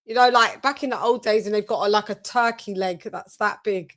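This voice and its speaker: A woman hosting a casual chat show, telling lively, animated stories and swearing freely. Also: mid-range voice, a little fast. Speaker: host.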